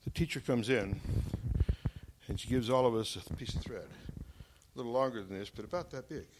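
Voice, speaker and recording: A man from Wyoming giving a talk, telling a joke and stories in a folksy, humorous, deliberate way. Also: mid-range voice, a little hiss or hum. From Wyoming, United States. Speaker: speaker. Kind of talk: storytelling talk to an audience.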